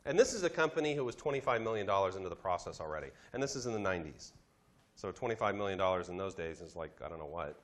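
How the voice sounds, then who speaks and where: A man teaching a class, telling a business story in a lively lecture style, acting out the voices he quotes. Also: deep voice, very fast. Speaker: instructor.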